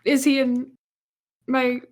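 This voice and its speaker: A woman's voice: sits high, completely flat delivery, takes it slowly. A woman playing in a tabletop game, often amused and laughing along with the table. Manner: giggly, easily amused. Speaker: player.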